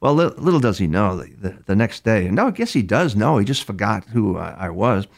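A low-pitched man from New York with a gravelly, fry-laden voice tells case stories in an interview. He rambles and restarts often, repeating words as he goes, and slips into the voices of the people in his stories. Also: big pitch swings, a little fast. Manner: acts out other speakers' words inside his stories. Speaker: criminal profiler, guest. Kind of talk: storytelling in a conversational interview.

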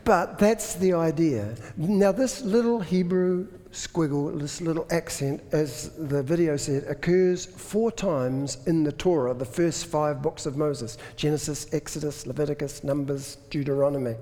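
A man's voice: a little high, measured pace, few pauses, mellow. A man preaching a sermon, explaining things in a conversational way with dry self-deprecating humor. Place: church. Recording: echoey hall.

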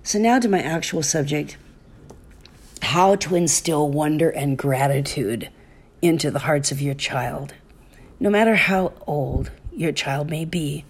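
A middle-aged woman hosting a parenting advice talk, speaking softly and slowly, often dropping to a whisper. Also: sits low, husky. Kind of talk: gentle spoken advice monologue.

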